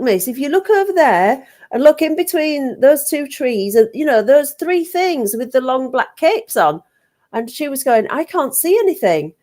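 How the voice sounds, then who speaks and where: A middle-aged woman from England telling a personal story in a casual, chatty way, with frequent ums and lively acted-out quotes. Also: on the low side. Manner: chatty, animated, frequent ums, acts out children's shouts.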